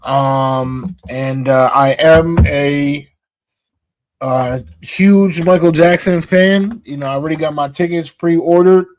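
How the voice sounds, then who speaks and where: A man co-hosting a casual sports talk stream, laid-back and slangy with halting starts. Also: on the high side. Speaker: podcast co-host.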